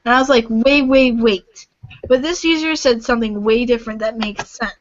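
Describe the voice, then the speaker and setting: Earnest, halting woman on a lo-fi stream. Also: a little high, slight background noise. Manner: earnest, halting, frequent sighs and restarts. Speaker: livestream host. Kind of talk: casual livestream commentary. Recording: dull lo-fi home stream audio.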